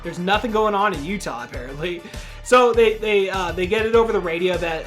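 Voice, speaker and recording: A man hosting a podcast, casually recapping a horror movie in a rambling, profane way, full of "dude" and quick acted-out quotes. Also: sits high, lively intonation, a bit bright, soft background music. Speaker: podcast host reviewing a horror film.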